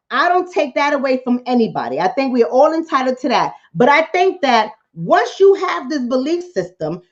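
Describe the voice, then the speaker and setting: Fired-up woman preaching at her viewers, kinda high voice, muffled lo-fi audio. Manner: preachy, repeats lines for emphasis, calls the audience "family" and "y'all". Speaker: vlogger and relationship coach. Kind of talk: impassioned commentary to viewers.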